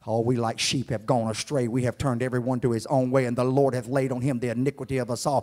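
A man preaching a sermon in church, dropping to hushed Scripture reading and then climbing into shouted, soaring exhortation. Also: mid-range voice, flat delivery, fast, hardly any pauses. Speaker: pastor. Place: church sanctuary.

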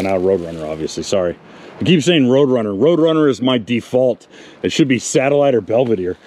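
A man's voice: medium pitch, a little mellow, a little hiss or hum. A man presenting a casual outdoor walkaround of old cars, chatting to viewers and talking to the cars themselves. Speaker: car magazine presenter. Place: outdoors in a wooded salvage yard.

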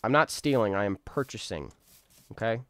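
A man's voice: fairly low pitch, expressive, moderate pace, fairly bright tone, dry recording, studio quality. A man giving casual, rambling gameplay commentary, talking to himself with jokey outbursts. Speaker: gaming streamer.

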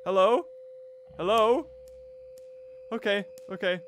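A man commentating a horror video game, jumpy and loud, yelping, laughing and talking to the characters. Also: sits high, takes it slowly, music in the background. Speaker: gaming video host.

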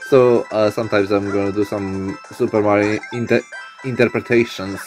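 A man's voice: fairly low pitch, fairly even intonation, normal speed, faint music behind. A man hosting his own channel, rambling and laughing often through casual gameplay commentary. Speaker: channel host.

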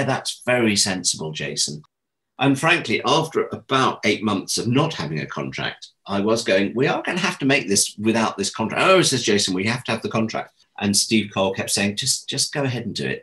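A middle-aged man telling anecdotes as an interview guest. He laughs at himself and acts out the quoted lines. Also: rough recording. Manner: animated, acts out quoted dialogue with big jumps in pitch; self-deprecating, laughs while telling stories. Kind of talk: anecdotal storytelling in conversation.

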